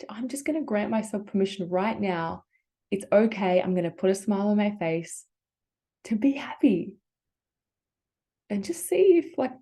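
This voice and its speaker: An Australian woman leading a breathing workshop as a yoga teacher, guiding gently and encouragingly in a casual, chatty way. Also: medium pitch. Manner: gentle, encouraging, casual filler-heavy guidance.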